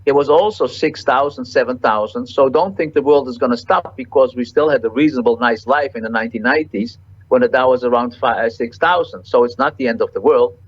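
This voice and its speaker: A man guest in an interview explains market forecasts in halting, repetitive phrases full of fillers. His voice sits at an average pitch. The recording sounds dull and lo-fi. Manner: halting, repeats words, many "uh" fillers. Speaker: market cycle analyst guest. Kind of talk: interview answers.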